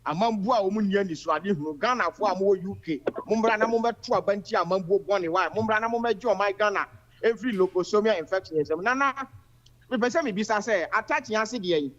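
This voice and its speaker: A man's voice: sits high, fast, fairly bright tone, lo-fi sound. A man calling in to a radio show, earnestly giving political views and addressing the host. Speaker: caller. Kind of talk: political call-in commentary.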